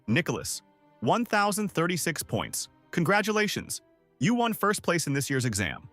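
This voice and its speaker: A man's voice: sits high, sing-song, normal speed, no room sound, faint music behind, pitched above the performer's own voice. Man voicing a young woman teacher announcing scores. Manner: loud official announcing. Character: young blonde woman teacher tallying points.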